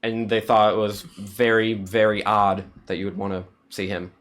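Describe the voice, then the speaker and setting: A man's voice: fairly low pitch, little pitch movement, moderate pace, a bit bright. A man running a tabletop game as game master, narrating casually with many fillers and restarts.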